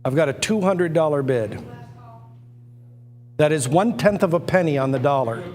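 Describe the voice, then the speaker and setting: An animated man with a voice on the high side, slightly mellow, speaks at normal speed but pauses often. Hosting a live online auction from his computer indoors, he repeats pushy salesman lines and stumbles into stammered restarts.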